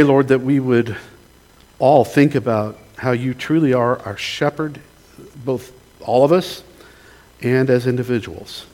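A man leads a sermon as pastor, reading scripture and praying aloud. His voice sits at an ordinary middle pitch, gentle and unhurried. He pauses often and invites the listeners to join in. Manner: gentle, pausing, invites the congregation to respond.

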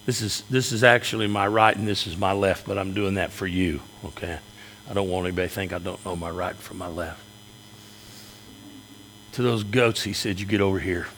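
A man's voice: low-pitched, normal speed, a bit bright, a little hiss or hum. A male pastor preaching a sermon in a church with folksy humor. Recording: echoey hall reverb.

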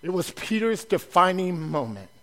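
High-voiced man preaching a dynamic sermon. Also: big pitch swings, normal speed. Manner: dynamic delivery swinging from soft asides to loud emphatic preaching. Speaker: pastor.

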